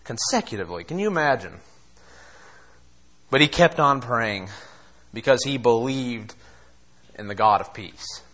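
A man preaching a sermon, impassioned, swinging between quiet asides and loud exhortation. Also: medium pitch, animated, measured pace, pauses often. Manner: impassioned, acts out quoted voices, laughs between points.

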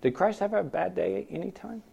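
A man preaches to his congregation with a notably high voice, pressing them with question after question. He climbs to loud, emphatic peaks and then sinks to soft, low asides. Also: moderate pace, vocal fry, slightly rough, muffled recording. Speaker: pastor. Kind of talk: sermon. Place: church.

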